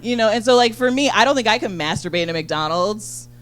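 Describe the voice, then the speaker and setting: A woman's voice: mid-range voice, animated, a bit bright, slight background noise. Chatty, profane woman stand-up comic. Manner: rapid, chatty, full of "like" and profanity. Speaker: stand-up comedian. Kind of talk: stand-up comedy set. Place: comedy venue.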